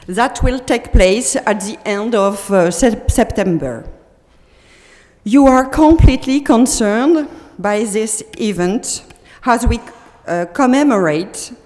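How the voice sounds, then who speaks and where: A French woman with a French accent, a visiting deputy mayor giving a prepared speech in halting English, searching for words. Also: a little high, a little mellow. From France. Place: council chamber. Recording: reverberant chamber on meeting mic.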